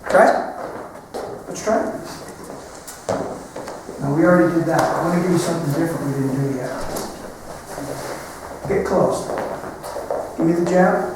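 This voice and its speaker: A man's voice: fairly high pitch, normal speed, pauses often, background noise. A man teaching a martial arts class, talking through each move step by step as he demonstrates on a partner. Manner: instructive, talks through moves step by step. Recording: echoey hall recording from far off.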